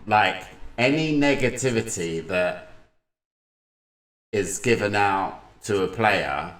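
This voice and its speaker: Deep-voiced man reacting casually. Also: fairly bright tone, echoey room. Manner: chatty, agreeing, mocking impressions. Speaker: reaction video host.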